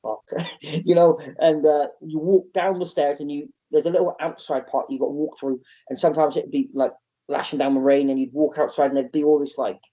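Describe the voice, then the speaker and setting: A man in his thirties tells his stories casually, acting out quoted lines with a jump in pitch. His voice is dark and mellow. The podcast audio sounds dull and lo-fi. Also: a little fast. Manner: animated storyteller, acts out quotes in a raised voice. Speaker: wrestling promoter and guest. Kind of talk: casual interview storytelling.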